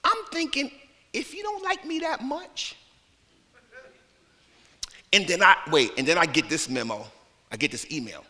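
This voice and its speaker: Bright-voiced preacher man in a reverberant hall. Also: high voice, sing-song, a little slow, pauses often. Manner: conversational, colloquial preaching with playful put-on voices. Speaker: minister. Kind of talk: lively sermon with acted asides. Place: church sanctuary. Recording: long hall reverb from church sanctuary.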